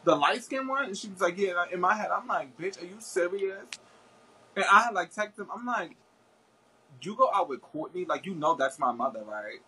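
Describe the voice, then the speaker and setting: A man's voice: sits high, big pitch swings, fairly quick, bright, forceful tone, rough recording. A man chatting as a guest, telling a story in a rambling way with many fillers and restarts. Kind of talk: casual chat.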